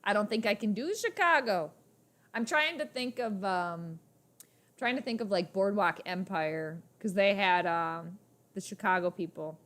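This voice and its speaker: A woman's voice: mid-range voice, slow, long pauses, a bit bright. A young woman hosting a live sports reaction stream, chatting in a rambling, playful way. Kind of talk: casual live-stream chat.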